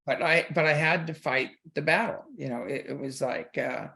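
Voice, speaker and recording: A man's voice: on the high side, normal speed, vocal fry, bright, forceful tone. Casual talk-radio host, a man with a raised voice. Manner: loose, peppered with "you know". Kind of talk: casual spiritual conversation.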